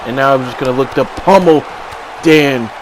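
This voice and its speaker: A man giving excited play-by-play commentary on a video game wrestling match, swinging from low mutters to sudden shouts. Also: moderate pace. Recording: crowd and game noise behind.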